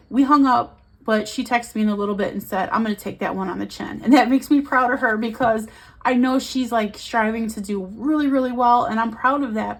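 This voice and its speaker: A woman in her forties chatting casually as a budgeting vlogger, counting bills aloud as she talks. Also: fairly high pitch. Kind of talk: casual chat.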